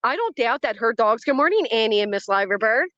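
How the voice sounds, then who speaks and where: A woman's voice: on the high side, expressive, fairly quick, a bit bright, no room sound, highs cut off. A woman hosting a livestream who reacts to a clip, greets people in the chat, and picks apart what she hears with a skeptical, argumentative tone. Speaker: commentary livestream host.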